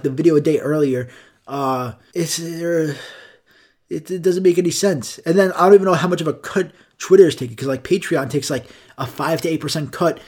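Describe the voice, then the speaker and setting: A young man talks alone on his own podcast and rambles from one gripe to the next. His voice sits a little high, and he swears freely in a loose, sarcastic way. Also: darkish tone. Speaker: podcast host.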